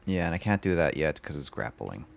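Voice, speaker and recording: A man's voice: extremely low pitch, very animated, a little fast, creaky. A young man streaming a game, rambling through his play and telling a long story with many fillers and restarts. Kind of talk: casual gameplay commentary and storytelling.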